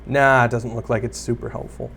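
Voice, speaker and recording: A man's voice: mid-range voice, level tone, fairly quick, vocal fry, fairly bright tone, slight background noise. Rambling self-mocking man narrating gameplay. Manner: rambling, self-deprecating, talks to viewers and mobs. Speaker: gaming YouTuber. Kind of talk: casual Let's Play commentary.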